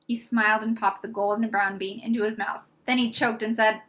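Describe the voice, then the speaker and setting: A woman giving a lively, expressive storybook read-aloud. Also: mid-range voice, fairly quick, hardly any pauses. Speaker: audiobook reader.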